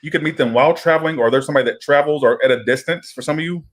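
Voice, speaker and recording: A man's voice: on the high side, racing. A man giving a casual tarot reading, chatty and rambling, with frequent swearing and asides. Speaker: tarot reader.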